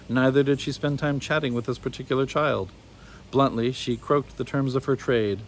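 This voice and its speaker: A man reads a children's storybook aloud with expressive, measured narration. His voice sits in a middle pitch, and a faint hum runs underneath.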